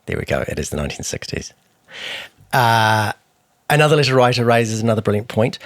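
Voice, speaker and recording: A middle-aged man tells a story on a podcast, his pitch rising and falling animatedly. He slips in dry, wry asides between the facts. The sound is close and dry, with no room behind him. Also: big pitch swings, fairly quick, long pauses, no echo. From New Zealand. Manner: wry, reads quotes aloud with dry asides. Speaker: podcast co-host.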